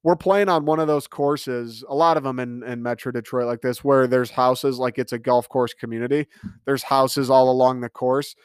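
Smooth-voiced man ranting casually. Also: medium pitch, fairly even intonation, normal speed, dry recording, studio quality. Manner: exasperated, profane storytelling. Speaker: storyteller. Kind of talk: casual comedic rant.

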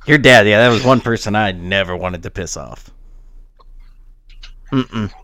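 A man's voice: on the low side, measured pace, a bit bright, no room sound. A man co-hosting a casual podcast chat, laid-back and chuckling as he agrees along. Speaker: podcast co-host.

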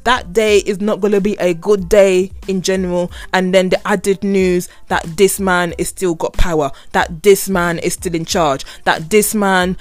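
A woman's voice: on the low side, steady tone, unhurried, hardly any pauses, no room sound, faint music behind. A woman hosting a podcast, venting in a casual monologue with sarcastic, exasperated remarks and repeated phrases. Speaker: podcast host.

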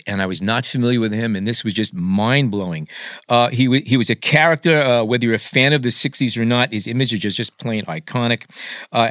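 A man's voice: medium pitch, a bit bright, dry recording, clean studio sound. A man hosting a podcast, introducing his guest and praising her work with enthusiasm. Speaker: podcast host. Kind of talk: podcast interview.

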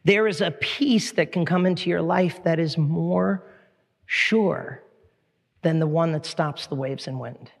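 A man pastor delivering a sermon with animated storytelling and playful impressions. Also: fairly high pitch, measured pace, gravelly. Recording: long hall reverb.

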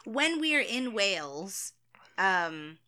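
Bright, laughing woman in casual chat. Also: mid-range voice, big pitch swings, extremely slow. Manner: laughs often, hesitant with ums, self-deprecating. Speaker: co-host answering viewer questions.

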